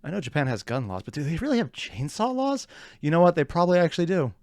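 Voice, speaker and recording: A man hosting a reaction video, chatting in an excitable, rambling way. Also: fairly high pitch, fast, no echo, clean studio sound. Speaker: reaction channel host. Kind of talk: casual reaction commentary.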